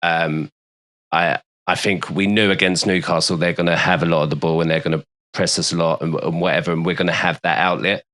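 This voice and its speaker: A man's voice: low-pitched, fairly even intonation, fairly quick, a bit bright. A man, co-hosting a casual football podcast, hesitant with lots of ums and restarts and casual swearing. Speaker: podcast co-host, West Ham fan.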